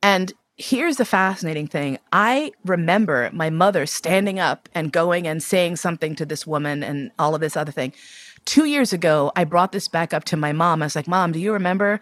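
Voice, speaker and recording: A woman's voice: lowish voice, moderate pace, fairly bright tone, dry recording. A woman in her fifties from New York City, telling personal stories candidly and expressively, swearing casually. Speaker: guest.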